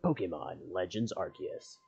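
A man's voice: sits low, expressive, normal speed, creaky, a little mellow, breathy edge, faint music behind. Goofy young man doing game commentary. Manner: goofy, jokey and rambling. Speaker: gamer. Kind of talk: casual let's-play commentary.

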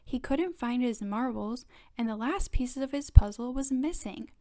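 A woman reads a children's picture book aloud in clear, expressive storytelling. Her voice sits a little high. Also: normal speed.

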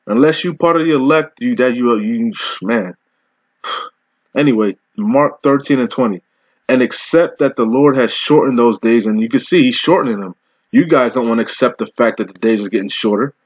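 Profane scolding preacher, muffled dry audio. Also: male voice, medium pitch, slightly rough, no echo. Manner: harsh, profane, scolding, slows to read verses. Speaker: street preacher. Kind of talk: confrontational sermon with scripture reading.

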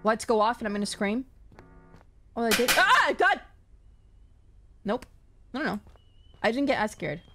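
A woman's voice: a little high, big pitch swings, moderate pace, pauses often, music in the background. A woman streamer giving live gaming commentary, jumpy, yelping and repeating herself when scared.

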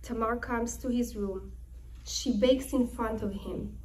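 A woman's voice: on the high side, fairly even intonation, takes it slowly, warm tone, a little hiss or hum, poor audio. A young woman teaching a scripture lesson through dramatic storytelling, acting out the quoted lines with emphasis. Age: young adult. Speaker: Torah teacher.

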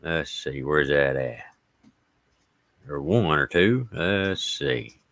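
Folksy Appalachian man, very deep voice. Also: lively intonation, takes it slowly, gravelly, no echo. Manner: folksy, reads viewer comments and greets them warmly by name. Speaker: livestream host. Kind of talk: casual livestream chat and story reading.

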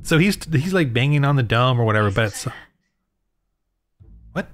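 A man's voice: medium pitch, expressive, normal speed. A man running a tabletop game as game master over a video call, rambling with many fillers and frequent laughs.

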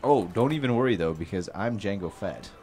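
A man co-hosting a casual let's-play, excitable and quick to laugh and yelp at the game. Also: lowish voice. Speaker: gaming co-host. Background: game music.

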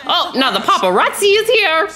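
A young woman hosting a let's play, giving animated, casual commentary and laughing often as she talks straight to her viewers. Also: very high-pitched, fairly quick, crowd noise.

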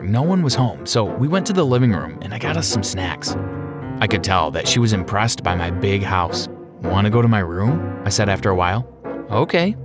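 A man giving an expressive first-person narration of an animated story. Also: on the low side.

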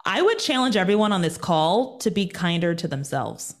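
A woman being interviewed over a call as a TV personality and speaker, talking in an energetic, emphatic motivational way and repeating points for effect. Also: on the low side, normal speed.

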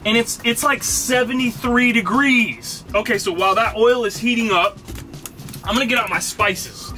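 Casting note: high-pitched male vlogger, jokey and rambling, cooking in a van with music behind. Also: bright, forceful tone. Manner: jokey, rambling, self-mocking. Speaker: vlog host. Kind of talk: casual cooking vlog. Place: inside a van in a parking lot.

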